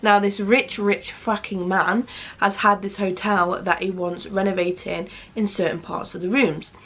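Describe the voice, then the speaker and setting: A woman's voice: medium pitch, steady tone, measured pace, fairly bright tone. A young woman reviewing a book to camera at home, in a blunt, chatty way with constant swearing. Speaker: book vlogger. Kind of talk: casual book review chat.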